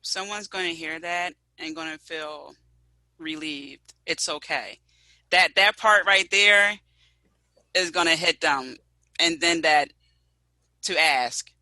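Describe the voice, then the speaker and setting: A woman's voice: deep voice, slow pace, pauses often, sharp tone, dry recording, rough recording. A woman hosting an interview podcast, responding to her guest with affirming, encouraging remarks. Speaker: podcast host. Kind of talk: conversational interview.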